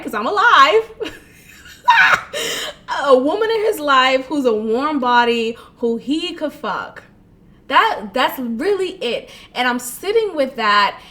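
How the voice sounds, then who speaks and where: Woman, high bright voice, candid profane podcast monologue, laughs through it. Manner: emotional, laughing, frank and profane, many restarts. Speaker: podcast host.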